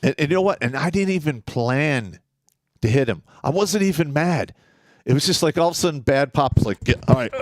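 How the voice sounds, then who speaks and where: A man's voice: a little high, lively intonation, brisk, no echo, clean studio sound. A man co-hosting a live podcast, telling a story in a blunt, profane, casual way. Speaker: podcast co-host.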